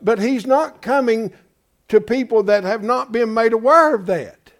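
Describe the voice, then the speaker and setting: A man's voice: very high voice, unhurried. A pastor preaching in an emphatic, folksy way, asking his congregation rhetorical questions. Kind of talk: sermon.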